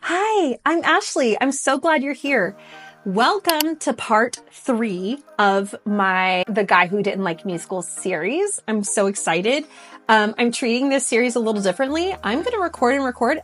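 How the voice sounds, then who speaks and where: A young woman, a vocal coach, chatting in a bubbly, rambling way with lots of "like" as she reacts to a musical. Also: on the high side. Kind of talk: casual reaction chat.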